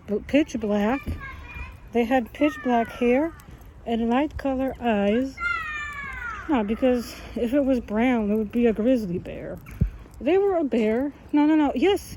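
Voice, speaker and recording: Rambling woman with a mellow, higher voice. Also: a little hiss or hum, poor audio. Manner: rambling, jumps between topics, self-correcting; frequent laughs and fillers. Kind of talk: rambling monologue.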